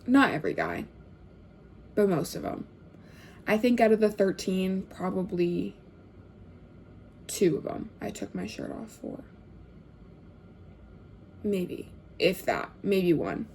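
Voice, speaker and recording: A young woman telling a casual storytime, chatty and full of fillers, often dropping to hushed tones. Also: medium pitch, sing-song, slow pace, gravelly, pauses often, a little hiss or hum.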